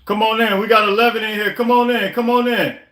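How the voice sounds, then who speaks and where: On a live podcast stream, a male host with a high, fast, fairly flat and slightly bright voice vents his frustration. He talks casually and repetitively, stammering and restarting often. The room adds noticeable echo.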